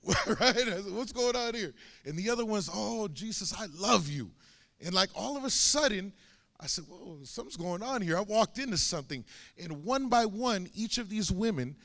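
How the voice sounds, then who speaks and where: A man's voice: sits high, a bit bright. A young man preaching a sermon, telling a personal story with many fillers and restarts. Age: young adult.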